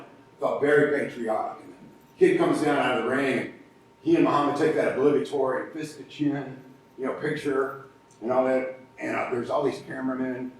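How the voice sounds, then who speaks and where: Male guest speaker, lively storyteller who acts out the quotes; distant mic, faint background rumble. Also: moderate pace. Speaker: guest speaker, podcast co-host. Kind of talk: storytelling speech at a club meeting. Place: large meeting room. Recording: echoey room, faint rumble, far from mic.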